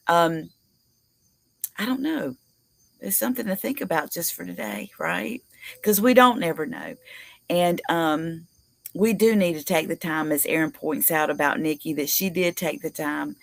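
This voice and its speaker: A woman's voice: sits low, creaky, no room sound. A woman hosting a live recovery stream as a peer support host, teary and affectionate, rambling with many fillers. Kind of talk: casual live-stream talk.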